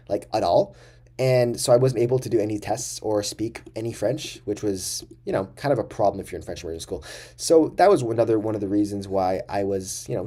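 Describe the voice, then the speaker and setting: A young man with a fairly low, dark, mellow voice tells a story straight to camera. He rambles, swears freely and exaggerates for comic effect in a loose vlog style. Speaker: vlogger.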